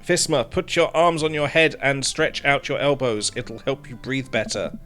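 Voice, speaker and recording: A man's voice: mid-range voice, fairly even intonation, moderate pace, a bit bright, faint music behind, voice pushed up, close to an everyday voice. A man voicing an upbeat, sporty dad who coaches his jogging buddy with cheerful teasing. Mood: coaching.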